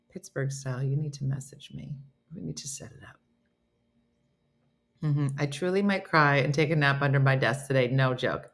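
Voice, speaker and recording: A woman's voice: low voice, creaky, sharp tone. A middle-aged woman hosting a casual live chat, laughing and reading out viewers' comments. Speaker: host.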